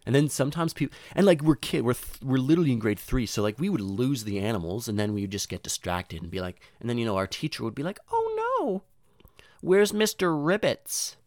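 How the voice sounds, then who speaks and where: A young man telling a long comic story in a loose, rambling way, swearing often and saying "dude" and "you know", with restarts and sudden high voices for the people he quotes. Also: expressive, fast, few pauses, a little mellow, dry recording, studio quality.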